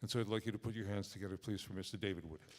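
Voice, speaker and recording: A singer-songwriter joking and chatting with a live audience from the concert stage. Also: male voice, lowish voice, fairly even intonation, very fast, big-room sound, heavy background noise. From Alberta, Canada.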